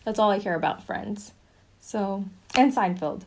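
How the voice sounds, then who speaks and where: A woman's voice: mid-range voice, lively intonation, a little slow, slight background noise. A young woman chatting casually through a haul video, bubbly and full of fillers, a little out of breath. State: slightly out of breath. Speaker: vlogger.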